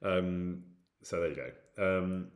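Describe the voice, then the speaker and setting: Slow and monotone, a low-voiced man hosts a livestream and chats casually with viewers, reading their comments aloud in a self-deprecating way. He comes from near Birmingham in the English Midlands and has a Brummie accent.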